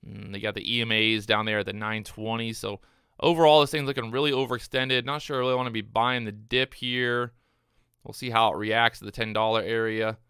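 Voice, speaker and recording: A man talks through his trades live in a bright, crisp voice, recorded dry and close on a desk microphone. He gets excitable and a little breathless, repeats phrases and speaks straight to his viewers. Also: medium pitch, no echo. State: out of breath, hyped up. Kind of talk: live trading commentary.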